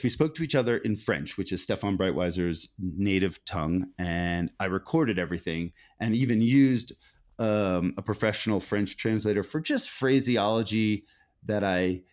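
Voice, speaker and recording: A middle-aged author, interviewed as a guest, speaks in a deep voice with lively intonation at a moderate pace. His conversational answers are thoughtful and meandering, with frequent restarts.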